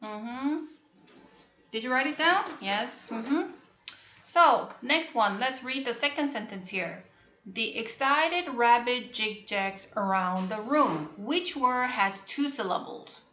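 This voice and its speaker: A woman teaching a phonics lesson online, talking slowly and patiently and repeating her questions to prompt the students. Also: on the high side, animated, bright, forceful tone, echoey room, highs cut off. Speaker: English teacher.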